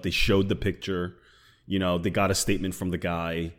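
Low-voiced man in blunt casual chat. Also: moderate pace. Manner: blunt, swearing, animated storytelling. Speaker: podcast co-host.

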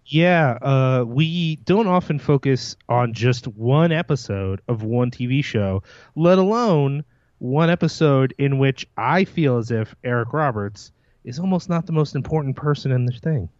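A man's voice: mid-range voice, lively intonation, unhurried, a little mellow, no room sound, highs cut off. A man co-hosting a podcast, telling wry stories in casual chat. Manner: storytelling, wry. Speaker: podcast co-host.

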